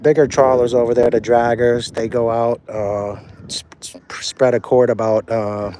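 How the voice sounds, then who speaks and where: A man's voice: medium pitch, level tone, measured pace, dark tone, a little hiss or hum. A man on a casual live stream, talking loosely and swearing freely while he walks an outdoor harbor dock, filmed on a handheld phone. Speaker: vlogger walking a harbor.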